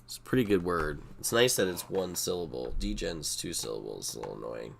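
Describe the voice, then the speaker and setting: A deep-voiced, middle-aged man streams poker and talks to his chat in a loose, rambling way. He swears freely and gets excitable, with keyboard typing heard behind him. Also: brisk, gravelly, hardly any pauses, slight background noise. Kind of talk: casual live-stream chat.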